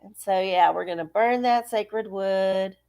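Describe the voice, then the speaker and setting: A woman's voice: medium pitch, measured pace, a little mellow, clean tone. A middle-aged woman, hosting a live stream in a breezy, folksy way and cursing casually. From Texas. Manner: breezy, cussing, folksy, greeting viewers. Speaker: livestream tarot host.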